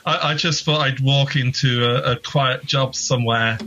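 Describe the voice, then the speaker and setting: A man's voice: medium pitch, fairly even intonation, normal speed, bright, forceful tone, dull audio. A man, a podcast guest chatting casually with dry, self-deprecating humour. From England. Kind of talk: casual interview chat.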